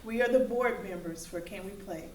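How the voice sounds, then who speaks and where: A woman's voice: medium pitch, moderate pace, slight background noise. A woman interviewing a guest at a fitness camp event as a board member, bubbly and enthusiastic, laughing as she talks. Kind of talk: casual interview. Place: large room at a kids fitness camp event. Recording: roomy echo, distant mic, faint clicks.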